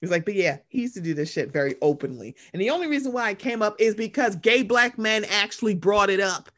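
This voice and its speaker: A man hosting a casual chat, animated and sarcastic, swearing freely and slipping into mocking voices. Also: high-pitched, fast talker.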